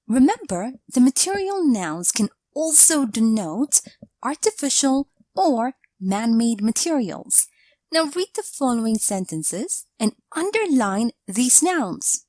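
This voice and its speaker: A woman narrating a scripted English grammar lesson, explaining each point in a deliberate, measured way. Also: a little high, very animated, mellow, no room sound.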